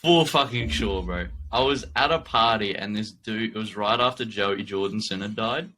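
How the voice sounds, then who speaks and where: A man with a New Zealand accent in casual podcast chat, animated and profane. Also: lowish voice, moderate pace, slight background noise. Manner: animated, profane, laughing along. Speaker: podcast co-host.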